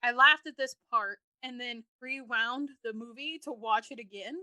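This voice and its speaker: A woman co-hosting a podcast, telling stories in an animated, casual way. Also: a little high, moderate pace, smooth, no room sound. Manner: animated storyteller. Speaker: podcast co-host.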